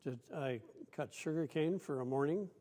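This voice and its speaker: A man's voice: a little high, normal speed, warm tone. A man telling anecdotes as an interview guest, wry and dry in his humour. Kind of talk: anecdotal storytelling.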